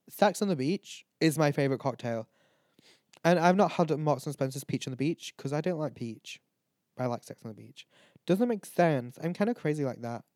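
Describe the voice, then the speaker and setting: A man's voice: a little high, a little mellow, dry recording, studio quality. A tipsy man, chatting loosely and swearing as a podcast host. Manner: rambling, chatty, swears a lot, laughs at himself. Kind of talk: casual drunk chat, ranking canned cocktails.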